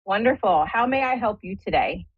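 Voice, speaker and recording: A woman's voice: mid-range voice, lively intonation, normal speed, husky, dry recording. A woman hosting a live call-in psychic show, chatty and upbeat, talking straight to her listeners. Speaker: medium and show host. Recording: dull dry lo-fi sound.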